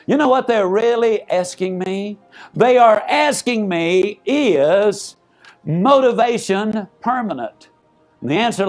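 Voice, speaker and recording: A man's voice: high voice, darkish tone. Emphatic man giving a seminar. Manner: emphatic, folksy, addresses the audience directly. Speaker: motivational speaker. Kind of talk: motivational seminar speech. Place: live seminar stage.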